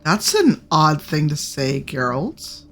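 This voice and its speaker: A woman's voice: sits low, big pitch swings, slow pace, a bit bright. A woman streaming a game, making chatty asides to her viewers in casual live commentary. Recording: streamer mic over game music.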